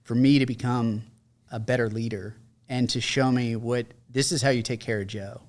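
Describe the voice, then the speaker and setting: Man, forties, american, podcast guest, animated storyteller, acts out quotes. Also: medium pitch, normal speed. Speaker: podcast guest, combat veteran. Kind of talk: casual storytelling interview.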